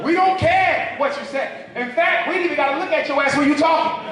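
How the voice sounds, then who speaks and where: Speaking to a live audience in an echoey hall, a man with a very high-pitched voice talks briskly in a preacherly style. He draws call-and-response from the crowd, and the mic picks him up from a distance.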